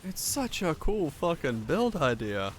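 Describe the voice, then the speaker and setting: A man's voice: on the high side, sing-song, measured pace, slight background noise. A man streaming a video game, muttering and swearing casually as he plays. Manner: swears freely, mutters to himself. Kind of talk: casual gameplay commentary.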